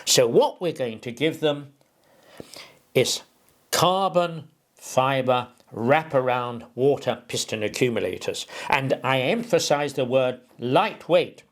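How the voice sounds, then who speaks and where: A man's voice: medium pitch, expressive, slow pace. A man giving an informal engineering explainer, rambling and digressive, with homely analogies and emphatic delivery. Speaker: presenter explaining an engineering idea.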